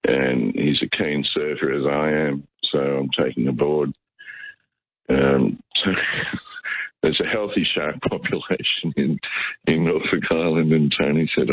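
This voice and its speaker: A man's voice: a bass voice, fairly even intonation, a little slow, no echo. A middle-aged Australian man calling in to a radio show, telling a rambling story full of restarts. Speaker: caller. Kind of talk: phone-in chat. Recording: muffled phone line.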